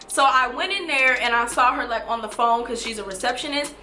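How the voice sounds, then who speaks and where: A woman in her twenties telling a storytime vlog, animated and casual, swearing and talking straight to viewers. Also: fairly high pitch, a little fast, echoey room, soft background music. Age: 20s. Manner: animated, swearing, addresses viewers as y'all and you guys. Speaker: vlogger.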